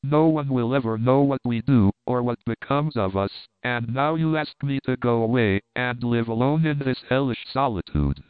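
A man's voice: mid-range voice, expressive, normal speed, few pauses, clean tone, no room sound, natural voice. A man voicing a cruel, leering German officer who mocks and wheedles, with a tinny, phone-like sound. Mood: mocking. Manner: mocking, hollow laughter, wheedling.

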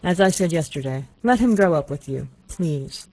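A narrator voicing a reserved young male prince in an audiobook, speaking quietly and gently. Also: medium pitch, expressive, moderate pace, no room sound. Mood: earnest plea. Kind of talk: audiobook character voice.

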